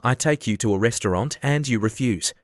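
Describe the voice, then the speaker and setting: A man's voice: medium pitch, fairly quick, dry recording, clean studio sound, lightly acted. Man doing an arrogant rich young bully. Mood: boastful. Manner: boastful, insulting.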